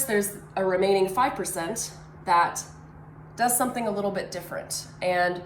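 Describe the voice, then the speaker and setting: A woman, a money coach explaining finances in a casual, conversational way as she draws on a board. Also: mid-range voice. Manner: conversational, drawing as she explains, many fillers. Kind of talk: whiteboard financial talk. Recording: echoey room, faint ambient noise.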